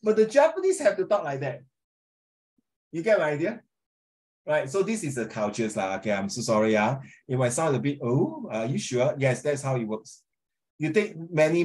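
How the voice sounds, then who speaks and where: A man teaching a language class in colloquial English, keeping it lively and checking with tag questions that his students follow. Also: medium pitch. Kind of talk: informal classroom lecture.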